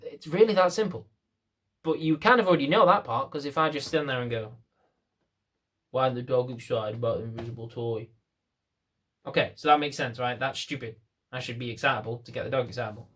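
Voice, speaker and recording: A man's voice: medium pitch, quick pace, fairly bright tone. A young man with an ordinary mid-range voice gives dog training advice straight to camera. His delivery is blunt and rambling, and he pokes fun at himself along the way. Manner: blunt, rambling, self-mocking. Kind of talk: casual talk to camera.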